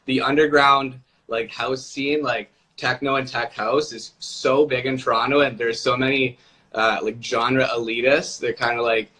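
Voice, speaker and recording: Speaking unhurriedly in a medium-pitched voice, this man appears as a music producer guest on a live-stream video call. He is relaxed and loose in his chat, leaning on lots of fillers like "like".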